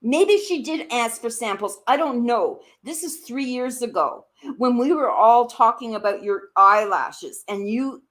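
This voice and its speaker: High-voiced woman, angry and confrontational. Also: animated, unhurried, hardly any pauses, fairly bright tone. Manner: confrontational, accusing, repeating questions; swearing, voice jumps up when angry. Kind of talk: heated live-stream rant.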